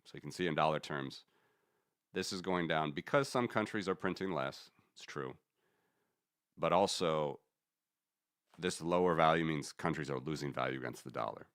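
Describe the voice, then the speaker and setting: A man's voice: a bass voice, moderate pace, pauses often, fairly bright tone, no room sound, studio quality. A man hosting a casual commentary stream, rambling and correcting himself as he talks through charts. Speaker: host.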